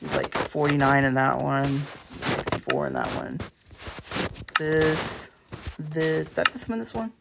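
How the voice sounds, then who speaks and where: A man's voice: on the high side, huge pitch swings, unhurried, creaky, heavy background noise. A man giving casual, rambling commentary while building in a game, full of hesitations and restarts. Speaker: let's play creator.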